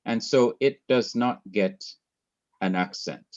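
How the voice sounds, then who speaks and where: A man's voice: mid-range voice, slow, a little mellow, lo-fi sound. A man from Jamaica teaching a Hebrew class online, explaining patiently and repeating his points.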